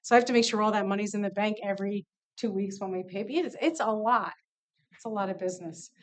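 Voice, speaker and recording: A woman leading a nonprofit tells a candid, lively story to students in a casual talk, acting out the dialogue. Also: mid-range voice, fast talker. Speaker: nonprofit CEO speaking to students.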